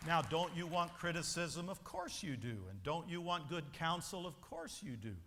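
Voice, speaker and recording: A man speaking at a large convention hall gives an emphatic motivational talk, telling a story the way a preacher would. His fairly high voice is bright and forceful with lively intonation at normal speed, captured with long hall reverb and slight background noise.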